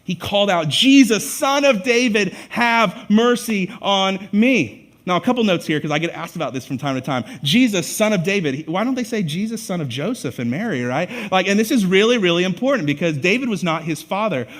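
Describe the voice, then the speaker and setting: A man preaching a sermon as pastor, telling the story in an animated way and acting out the voices with loud bursts of emphasis. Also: high-pitched, quick pace, hardly any pauses. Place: church sanctuary.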